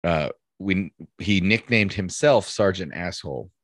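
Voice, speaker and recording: A man, a police officer, telling a rambling story in a relaxed, laughing way during casual chat. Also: deep voice, measured pace, dry recording, studio quality.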